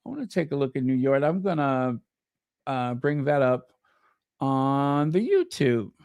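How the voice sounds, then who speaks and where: A man hosting a casual livestream, chatty and excitable, talking to himself as he goes. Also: medium pitch, unhurried, clear, resonant tone, no echo, clean studio sound. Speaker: livestream host.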